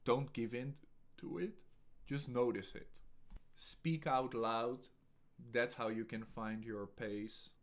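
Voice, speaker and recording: Man, English speaking coach, very slow pace, calm deliberate teaching, pauses every few words. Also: mid-range voice.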